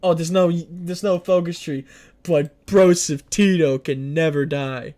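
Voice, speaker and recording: A man's voice: on the high side, fairly even intonation, a little slow, darkish tone. Casual man streaming a strategy game. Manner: reads on-screen game text aloud, stumbling over words; casual, joking asides between reading. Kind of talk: strategy game livestream commentary.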